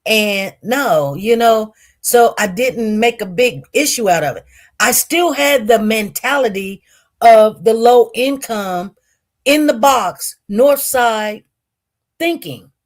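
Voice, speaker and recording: A woman with a fairly high voice tells her own story in a loose, chatty way. She speaks candidly and with feeling, restarting her sentences and acting out what others said. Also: slow. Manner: candid and animated, with frequent restarts and acted-out quotes. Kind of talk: casual personal storytelling.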